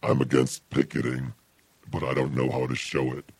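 A man doing stand-up comedy, telling deadpan one-liners, heard as a played recording. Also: extremely low pitch, normal speed, creaky, slight background noise.

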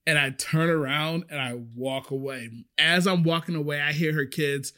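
A man who works as a restaurant server, telling a story in a chatty, animated way. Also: fairly high pitch, normal speed. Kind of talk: casual storytelling.

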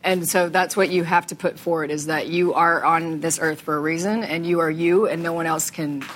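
A woman's voice: deep voice, fairly even intonation, moderate pace, noisy background. Laughing woman in her thirties on a panel. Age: 30s. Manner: candid, laughs often, swears casually. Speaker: actress guest at a fan panel. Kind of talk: casual panel chat.

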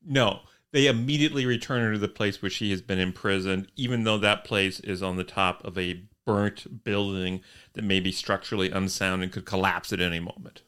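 A man co-hosting a casual podcast recap, talking in a dry, wry way with deadpan asides. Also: sits low, brisk, smooth. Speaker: podcast co-host.

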